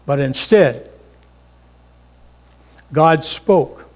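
A man pastor preaching a sermon, swinging between loud emphasis and hushed, near-whispered lines. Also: high-pitched, expressive, takes it slowly, pauses often.

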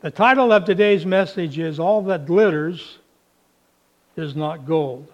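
A male pastor delivers his sermon in a high, light voice. He speaks slowly and leisurely, spinning a homespun story with plenty of "uh"s. The tone is relaxed and conversational. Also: lo-fi sound. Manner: unhurried, folksy, with fillers.

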